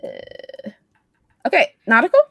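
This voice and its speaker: A woman's voice: a little high, wildly swooping pitch, measured pace, vocal fry, bright, forceful tone, breathy edge, dry recording. A woman hosting a casual podcast, laughing and swearing loosely as she talks. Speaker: podcast host. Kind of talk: casual chat.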